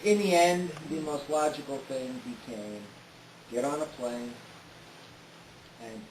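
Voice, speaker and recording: A man telling a detailed first-person story in an unhurried way, often pausing on "uh". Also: mid-range voice. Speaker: storyteller recounting a trip. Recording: roomy with faint hiss.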